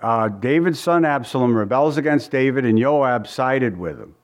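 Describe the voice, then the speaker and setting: A man's voice: mid-range voice, lively intonation, normal speed. A man preaching as a pastor, teaching verse by verse in a folksy, conversational way and often repeating his phrases.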